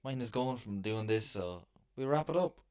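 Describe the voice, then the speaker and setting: A young Irish man co-hosting a podcast, telling stories casually with halting fillers and frequent swearing. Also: medium pitch, lively intonation, darkish tone, smooth, no echo, studio quality. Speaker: podcast co-host. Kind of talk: casual chat.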